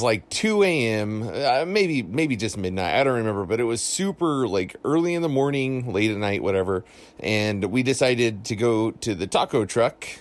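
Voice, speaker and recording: A young man telling a spooky story from his childhood in a loose, rambling way, full of fillers and restarts. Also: mid-range voice. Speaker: listener calling in a story. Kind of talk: casual spoken ghost story.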